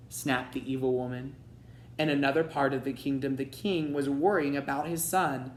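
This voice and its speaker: A man reading a children's storybook aloud in a steady, expressive way. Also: on the high side, moderate pace. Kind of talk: read-aloud storybook narration. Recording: roomy echo.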